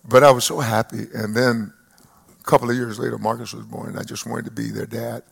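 Older man, pastor, church sermon, gravelly voice, mid-pitched, emphatic then soft. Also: little pitch movement, a little fast. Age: 70s. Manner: rises to loud emphatic peaks, drops to soft reflective asides. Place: church service before a live congregation.

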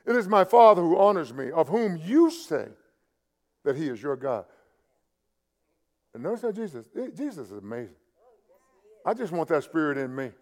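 A man pastor preaching a sermon, often restarting words and building to loud, emphatic peaks. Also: fairly high pitch, very animated, normal speed, pauses often.

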